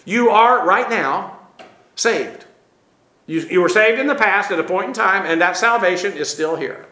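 A man's voice: high voice, measured pace, pushed and bright, echoey room, rough recording. A man preaching an expository sermon, teacherly and emphatic, with frequent filler sounds. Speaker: pastor.

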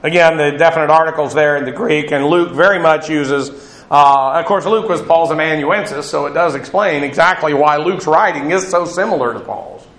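A man's voice: fairly high pitch, normal speed, fairly bright tone, echoey room, rough recording. A male pastor giving a conversational Bible teaching, loose and digressive with many fillers. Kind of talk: sermon.

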